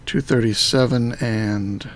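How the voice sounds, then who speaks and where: A man casually talking through a modded game on a live stream, muttering to himself with halting fillers. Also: mid-range voice, steady tone, a little hiss or hum.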